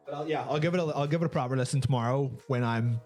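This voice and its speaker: A man's voice: medium pitch, darkish tone, soft background music. A man with a Northern Irish accent co-hosting a live talk show, trading crude jokes in casual chat. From Northern Ireland. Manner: crude banter, quick jokes.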